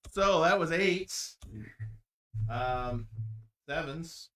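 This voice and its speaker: A man's voice: a little high, a bit bright, roomy sound. A man running a tabletop game as game master, calling rolls and narrating the action, often breaking into laughter. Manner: laughs often, quick rulings.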